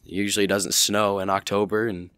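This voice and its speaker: Deep-voiced teen rambling casually. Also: male voice, a little fast, clear, resonant tone, no echo. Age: teens. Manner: relaxed rambling with many "you know"s. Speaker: guest, wrestler and football player. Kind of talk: casual chat.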